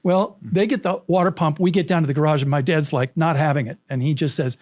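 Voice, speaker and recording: A man in his sixties spins a childhood story for an interviewer, slipping in the voices of its characters. His voice sits a little above the usual pitch for a man, and his delivery is vivid and animated. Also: quick pace, hardly any pauses, dry recording, studio quality. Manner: vivid anecdotes, acting out quoted voices. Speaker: guest, storytelling coach.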